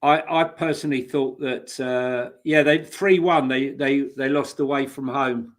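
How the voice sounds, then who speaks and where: Measured man co-hosting football talk. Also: mid-range voice, steady tone. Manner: measured, thinking aloud with fillers. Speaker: football podcast co-host. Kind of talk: casual chat.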